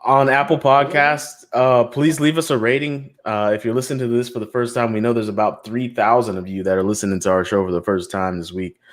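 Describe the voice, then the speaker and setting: A man co-hosting a podcast, chatting casually and joking through shout-outs to listeners. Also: medium pitch, level tone, a little fast, few pauses. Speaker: podcast co-host. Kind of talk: casual live podcast banter.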